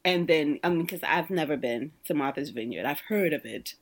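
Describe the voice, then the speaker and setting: A woman's voice: low-pitched, normal speed, a little hiss or hum. A young adult woman from Brooklyn with a New York accent, telling stories in a casual chat, laughing often and acting out quotes. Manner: animated storytelling with frequent laughter and voiced quotes.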